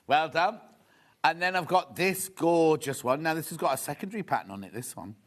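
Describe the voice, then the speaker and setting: A man's voice: a little high, lively intonation, brisk. A man presenting fabrics on a live shopping channel in a TV studio, chatty and rambling, with gossipy asides. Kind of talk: live TV selling chat.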